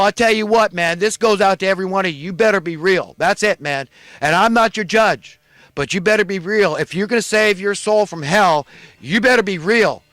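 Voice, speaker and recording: A man's voice: sits high, fairly bright tone, no room sound. A man preaching an angry, indignant monologue, ranting with repeated emphatic phrases. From California. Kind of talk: impassioned monologue.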